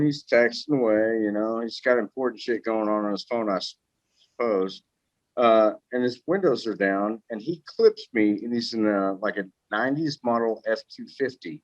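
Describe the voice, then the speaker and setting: Podcast guest, male, lively swearing storyteller, dry lo-fi mic. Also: mid-range voice, no echo. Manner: profane, animated anecdote telling.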